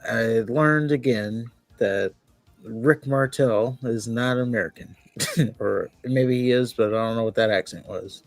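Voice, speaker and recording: A man co-hosting a podcast in casual chat, easygoing and quick to laugh and agree. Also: mid-range voice, dry recording, soft background music. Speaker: podcast co-host.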